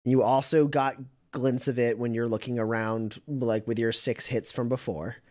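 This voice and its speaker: A man's voice: medium pitch, flat delivery, moderate pace, a little mellow. A man running a tabletop game as game master, narrating casually with frequent fillers.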